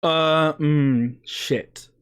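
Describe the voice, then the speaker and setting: A man's voice: a little high, fairly even intonation, extremely slow, a bit bright, smooth. A man streaming a game playthrough, chatting casually, laughing and swearing freely between lines of dialogue he reads aloud.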